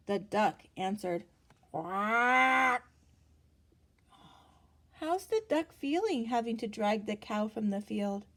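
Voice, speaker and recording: A woman reading a picture book aloud to children, pausing to ask them gentle questions. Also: medium pitch, lively intonation. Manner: gentle, asks the listener questions, gasps for effect.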